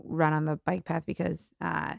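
A woman's voice: sits low, level tone, moderate pace, creaky, dry recording. A woman comedian, a guest in a casual chat, telling exasperated stories and laughing often.

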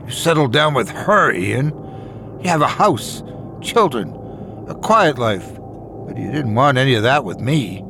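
A man voicing a deranged, obsessive young woman who whispers and giggles in an unhinged, breathy way. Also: medium pitch, sing-song, measured pace, over music. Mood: hissing.

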